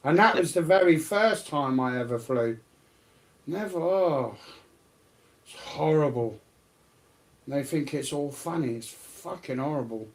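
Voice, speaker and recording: Sweary man telling animated stories. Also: on the high side, measured pace, long pauses. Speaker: co-host of a live stream. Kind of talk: casual late-night chat.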